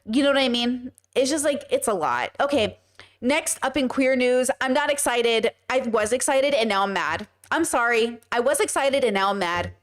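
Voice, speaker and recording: A woman's voice: fairly high pitch, animated, normal speed. A woman hosting a casual commentary stream, blunt and emphatic and swearing freely. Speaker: podcast host.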